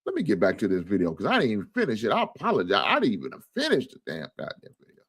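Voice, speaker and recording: A man's voice: huge pitch swings, fast talker, husky. Profane, preachy male sports-talk host. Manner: preachy, profane, swings from low grumble to high outraged shouts. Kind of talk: casual commentary on a video.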